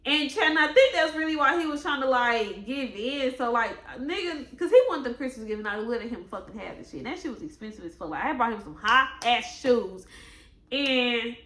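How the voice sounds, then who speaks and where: A young woman speaking tells a storytime vlog in an animated, profane style, with sudden high outbursts and slow quoted lines. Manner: quotes others in a slower voice. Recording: echoey room.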